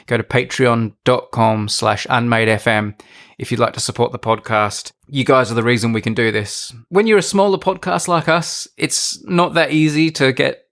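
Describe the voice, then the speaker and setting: A man co-hosting a podcast in casual chat, chatty and quick to laugh. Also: medium pitch, a bit bright. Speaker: podcast co-host.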